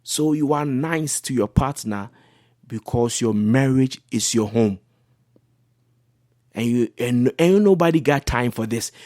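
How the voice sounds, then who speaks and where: A man's voice: mid-range voice, dry recording, studio quality. A man, a pastor on a talk show, teaching about marriage in an earnest, repetitive preaching style.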